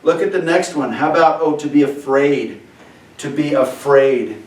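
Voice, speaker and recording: A male Spanish teacher giving a lesson, animated and joking, who keeps repeating key phrases and checking with "right?". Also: on the high side, moderate pace, reverberant, far from the mic, poor audio. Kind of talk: classroom lesson over a video call. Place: classroom or room with a board.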